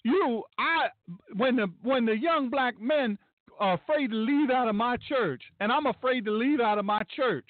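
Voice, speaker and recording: An insistent, defiant city preacher, as a man mimics him. The pitch sits high and lively. The sound is dry and thin, like it came through a phone. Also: moderate pace, dry recording, narrow, tinny audio. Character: mocking caricature of a defiant male city preacher.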